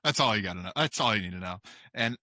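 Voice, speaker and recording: Low-voiced male host, emphatic. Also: fast talker, no room sound. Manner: animated, emphatic repetition. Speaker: podcast host. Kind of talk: casual sports chat.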